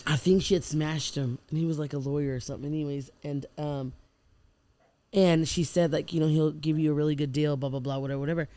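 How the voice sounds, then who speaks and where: A woman's voice: low voice, steady tone, fast, dark tone, dry recording. A woman guest on a podcast, telling her life story in casual chat and animatedly acting out the people and prayers she quotes. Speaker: podcast guest, food truck owner.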